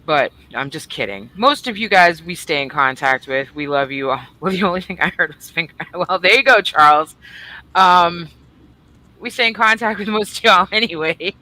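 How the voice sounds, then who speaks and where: A woman's voice: on the low side, animated, moderate pace, pushed and bright. Bubbly teasing woman greeting her chat. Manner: bubbly, teasing, swings between squeals and mutters. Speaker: livestream co-host. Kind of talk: casual livestream chat, greeting viewers.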